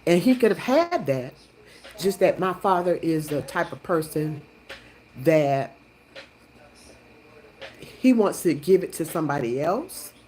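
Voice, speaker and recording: A middle-aged woman hosting her own live stream, telling a story in a rambling, animated way with many restarts. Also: low-pitched, a little hiss or hum, rough recording. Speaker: livestream host.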